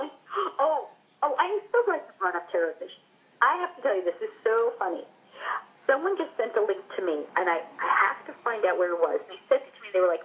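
A woman's voice: on the high side, big pitch swings, a little fast, highs cut off. A woman actress from Long Island, telling stories animatedly in a casual interview, with frequent "like" and "you know". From Long Island, New York. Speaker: actress, guest.

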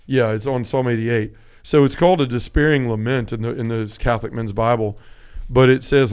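Discussing a pilgrimage casually on his podcast, a host turns heartfelt and emotional, reads from scripture, and wanders with frequent restarts. He has a clear, resonant, darkish voice of medium pitch, steady in tone and brisk.

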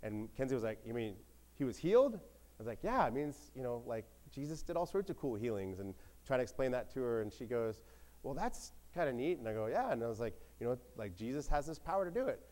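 Male pastor, thirties, relaxed conversational sermon, animated storyteller. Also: medium pitch, quick pace. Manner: conversational storytelling, acts out quoted voices.

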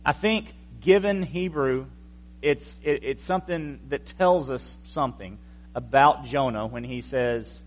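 A man's voice: mid-range voice, unhurried, highs cut off. A male pastor giving a conversational teaching sermon with wry asides to the congregation. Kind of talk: explanatory evening sermon.

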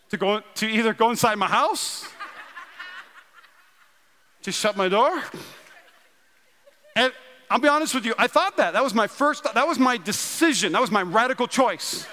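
A man in his thirties from North Dakota, preaching a sermon with animated storytelling and self-deprecating humor. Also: extremely high pitch. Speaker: pastor. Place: large church auditorium. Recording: long hall reverb.

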